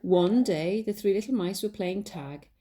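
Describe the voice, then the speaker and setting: Mellow woman reading a children's book. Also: medium pitch, unhurried. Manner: gentle, asks children to look at pictures. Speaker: teacher reading aloud. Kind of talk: storybook read-aloud for children.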